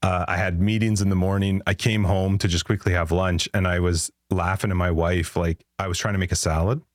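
A man's voice: sits low, flat delivery, brisk, no room sound, studio quality. A man hosting a podcast, telling rambling anecdotes in casual chat and laughing often. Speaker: podcast host.

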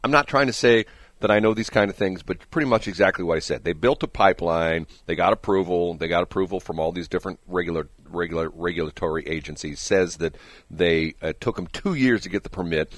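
A man's voice: low-pitched, a little fast, no room sound. A man hosting a morning radio show, chatting casually and jokingly, mocking himself and laughing often. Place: radio studio.

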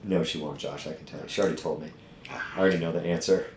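This is the same fiery, foul-mouthed gym owner in his middle years, chatting on his podcast in an echoey space. He talks fast in a low, darkish voice with fairly flat intonation, and a little background noise comes through.

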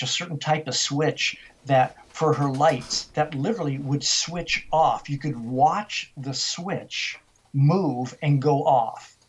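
A man's voice: medium pitch, husky. An older man, a guest on an interview show, telling vivid stories and acting out the dialogue. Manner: vivid storyteller who acts out dialogue. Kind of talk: storytelling interview.

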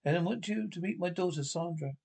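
A man's voice: sits high, quick pace, vocal fry, a little mellow. A man reading the part of a doting husband and father from a script, saying the cue names aloud before the lines. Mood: fond.

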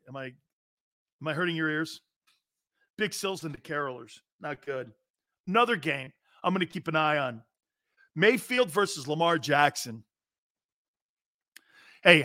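A brash male sports talk host who jokes loudly and hollers his points. His voice sits high, and he takes his time with the words, stretching them out. The sound is close and dry. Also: creaky, dry recording. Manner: loud, brash, joking, hollering. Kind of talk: live sports talk show.

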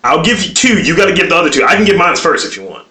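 A high man from West Baltimore, co-hosting a podcast with jokey, rambling, profane banter. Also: very animated, rapid-fire, sharp tone. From West Baltimore, USA. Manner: jokey, rambling, swears, laughs at own jokes. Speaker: podcast co-host. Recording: echoey room.

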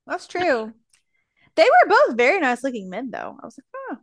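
A woman's voice: sits high, huge pitch swings, normal speed, no room sound. A woman co-hosting a casual chat, telling a story in a chatty way, saying "like" a lot and laughing as she goes. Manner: chatty, lots of "like", laughs while telling stories. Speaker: podcast co-host.

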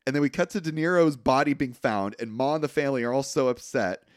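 A young man co-hosting a podcast, recapping a film in a casual, animated and profane way. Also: medium pitch, fast, dry recording, clean studio sound. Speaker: podcast co-host.

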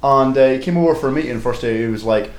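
A man, a regular co-host, talking loudly in a casual podcast chat and jumping high in pitch when he mimics people. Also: rapid-fire. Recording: roomy sound with faint noise.

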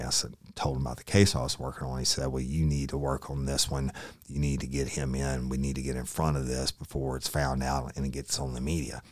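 Very deep-voiced man telling a story. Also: no echo, clean studio sound. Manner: casual, profane, quotes people in dialogue. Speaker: former sheriff's investigator. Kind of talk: storytelling, recounting a case.

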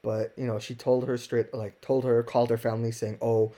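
A man's voice: mid-range voice, level tone, a little fast, dark tone. A young man co-hosting a podcast, telling stories in a loose, filler-heavy way. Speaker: podcast co-host. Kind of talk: casual podcast chat.

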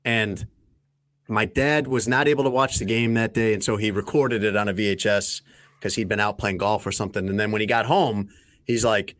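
Man, sports talk host, low voice, dry close sound, easygoing delivery. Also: steady tone, moderate pace, a bit bright, no room sound. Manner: conversational, dry, lots of fillers.

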